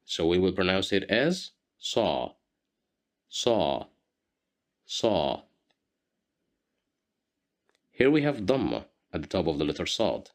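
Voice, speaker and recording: A man's voice: low-pitched, big pitch swings, fast talker, hardly any pauses. A man teaching a beginner language lesson, patiently repeating each word for learners to copy.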